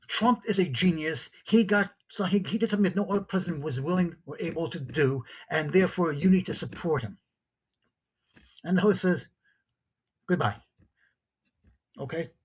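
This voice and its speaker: A fairly high-voiced man with a husky, slightly rough edge and a New York accent. He tells a story in an opinionated solo monologue, jumping between his own voice and the people he quotes. His delivery is incredulous and full of disbelief. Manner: animated, incredulous, acts out both sides of a dialogue. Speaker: podcast host. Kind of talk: opinionated monologue, retelling a call-in exchange.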